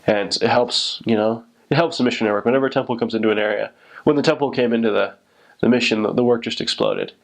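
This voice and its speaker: Rambling young man, mid-pitched voice. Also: quick pace, vocal fry. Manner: rambling, self-correcting. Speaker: returned missionary. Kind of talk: casual recollection.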